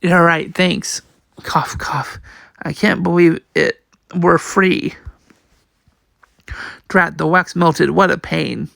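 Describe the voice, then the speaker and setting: A man's voice: fairly high pitch, fairly even intonation, slow, creaky, long pauses, pushed and bright, no room sound, clean studio sound. A man reading a manga aloud, voicing every part and the sound effects, often stumbling and repeating words. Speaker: comic reader.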